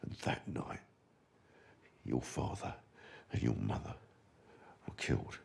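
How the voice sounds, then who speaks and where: An actor playing a grave elderly butler, speaking slowly and in a hushed, solemn way. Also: male voice, rumbling low, sing-song, vocal fry, exaggerated voice.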